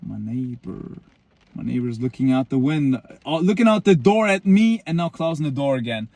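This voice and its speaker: A man's voice: medium pitch, animated, moderate pace, a little mellow, dry recording. Boastful young man rambling to camera. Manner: rambling, boastful, full of likes and restarts. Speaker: vlogger. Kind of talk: casual storytelling to camera. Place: outdoors in the cold near his home.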